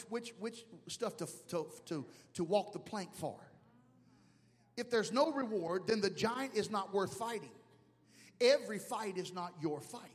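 A man preaches with a high voice that swings widely in pitch. He is humorous and breaks into shouts at the peaks. His voice carries a long reverb from a large church hall. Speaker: pastor. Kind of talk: sermon.

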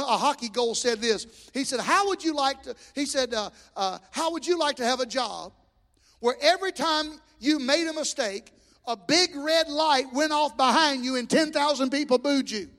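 A man preaching a fervent sermon, swelling loud and restarting his words as he goes. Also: very high-pitched. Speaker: pastor. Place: church sanctuary. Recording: long echoing reverb of a church hall.

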